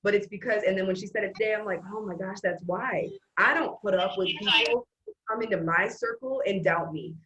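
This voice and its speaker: A woman's voice: mid-range voice, brisk, a bit bright, muffled recording. A woman hosting an earnest, emphatic motivational faith talk. She rambles with restarts. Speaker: host.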